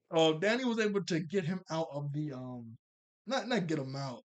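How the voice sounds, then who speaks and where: A young man talks through a cartoon episode in a loose, rambling way, full of fillers and little laughs. His voice sits a little higher than most men's. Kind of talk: casual recap and chat.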